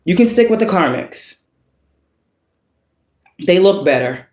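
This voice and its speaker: A woman's voice: lowish voice, animated, slow, darkish tone, echoey room. A woman giving a spiritual tarot reading to viewers, talking in a blunt, profane, preaching way and firing off rhetorical questions. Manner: asks the listener many rhetorical questions. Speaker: spiritual reader.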